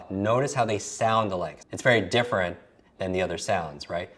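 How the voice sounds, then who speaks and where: A man with a slightly low voice teaches a memory lesson in a coaching tone. He drills each letter sound aloud, repeats it and asks the listener to say it along with him. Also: normal speed, a bit bright. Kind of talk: recorded lesson.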